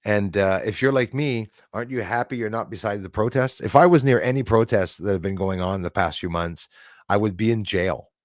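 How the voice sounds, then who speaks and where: With a voice on the low side and a fairly quick delivery, a middle-aged man from Canada hosts a live stream and reads viewers' comments out loud. His manner is chatty and meandering, punctuated by plenty of laughs, in a dry studio-quality recording.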